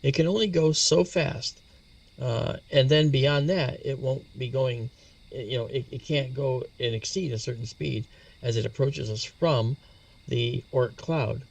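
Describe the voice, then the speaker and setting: Gravelly man explaining astronomy. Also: medium pitch, a little slow, far from the mic. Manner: patient and explanatory, spells out terms. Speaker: astronomy guest expert. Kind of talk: explanatory interview talk.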